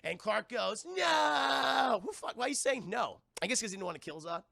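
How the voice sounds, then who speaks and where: Brief: young male streamer, bright gravelly voice, excitable and profane, dry close mic. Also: sits high, quick pace, no room sound. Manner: excitable, profane, acts out scenes in loud yelps. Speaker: film reviewer streaming live. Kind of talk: casual profane film recap.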